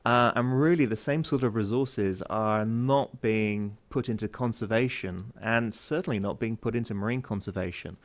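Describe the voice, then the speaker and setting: A man's voice: lowish voice, normal speed, few pauses. A man answering questions on a panel discussion, hesitant, with many fillers and restarts; he teaches classes. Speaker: university teacher.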